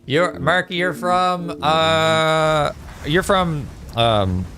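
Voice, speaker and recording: A man's voice: a little high, very slow, pushed and bright. A man chatting casually with viewers on a live gaming stream, reading out chat messages with lots of fillers. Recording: faint music behind.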